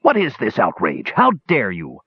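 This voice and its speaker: A man's voice: medium pitch, huge pitch swings, normal speed, slightly rough, dry recording, pitched above the performer's own voice, exaggerated voice. A man voicing a sly, blustering dwarf gambler who stammers sheepishly, in an audiobook reading. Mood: angry. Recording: dull lo-fi recording.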